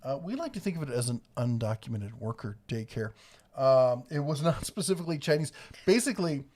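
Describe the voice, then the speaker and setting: A man's voice: medium pitch, lively intonation, brisk, a little mellow. A middle-aged man co-hosting a casual livestream from home, telling family stories and reading viewer comments with frequent chuckles. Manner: storytelling, chuckles often. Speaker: livestream co-host.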